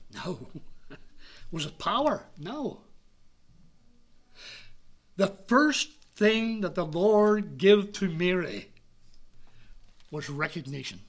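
A man preaching a sermon in an earnest, measured way, sometimes dropping to a near-whisper. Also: high-pitched, fairly bright tone.

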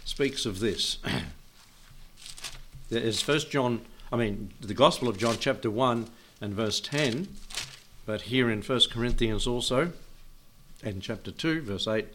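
A man's voice: mid-range voice, takes it slowly, long pauses, a bit bright, slight background noise. An older man preaching a Bible teaching sermon in a folksy way, chuckling often and asking his listeners questions.

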